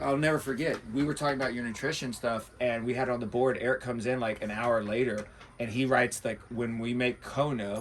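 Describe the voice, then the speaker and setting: A man's voice: medium pitch, slight background noise. A man hosting a podcast, talking casually and enthusiastically as he explains things to listeners. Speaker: podcast host.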